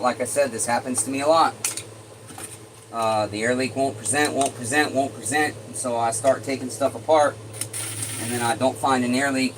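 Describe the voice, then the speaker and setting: Flat-voiced man muttering in a workshop. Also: mid-range voice. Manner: mutters and swears under his breath as he works. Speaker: chainsaw repair streamer. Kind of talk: casual livestream talk while working. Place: repair workshop. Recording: steady air-conditioning hum.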